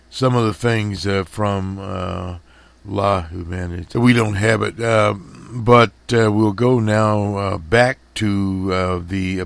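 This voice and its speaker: A man hosting a radio program, talking slowly through headlines with many fillers and restarts, his voice strained. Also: on the low side, creaky, dry recording. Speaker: radio host. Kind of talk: casual commentary over headlines.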